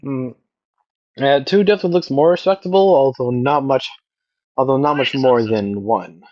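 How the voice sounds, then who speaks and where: Relaxed male game master, plain delivery, muffled dry recording. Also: mid-range voice, moderate pace, no echo. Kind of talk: narrating a tabletop game.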